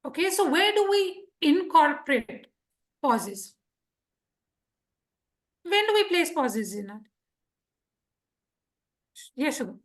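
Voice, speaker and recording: Female speaking coach, high and animated, audience quizzing. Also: takes it slowly, long pauses. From India. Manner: lively, quizzes the audience, acts out examples. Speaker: public speaking trainer. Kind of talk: interactive workshop lesson. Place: club meeting room.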